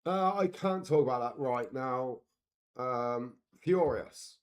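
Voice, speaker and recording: A man's voice: medium pitch, slow, smooth. A man streaming a football management game, giving casual live commentary and cheering and groaning at the screen.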